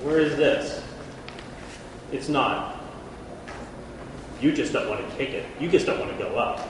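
A man preaching a lively Bible lesson, who jokes with the room and calls out listeners by name. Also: mid-range voice, measured pace. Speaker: preacher teaching a Bible class. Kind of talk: lively sermon. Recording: echoey hall from far off, faint noise.

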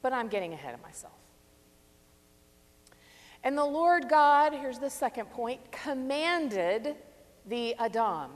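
Woman, preacher, sermon, slow, lively pitch, echoing hall reverb. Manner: reflective, measured, stresses key phrases. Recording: long reverb of a large hall.

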